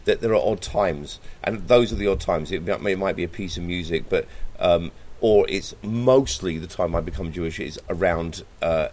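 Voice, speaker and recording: Deep-voiced hesitant man. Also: moderate pace, few pauses, darkish tone. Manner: hesitant, repeats words, thoughtful. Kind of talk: casual conversation.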